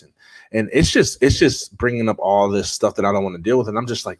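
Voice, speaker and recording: A man's voice: lowish voice, a little fast. A man, a podcast guest, telling a personal story in an earnest, conversational way, with frequent restarts.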